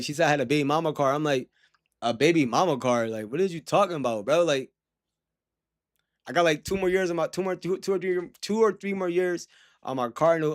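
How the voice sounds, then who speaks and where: A young man talking casually to his livestream chat, rambling with lots of slang and frequent laughter. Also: medium pitch.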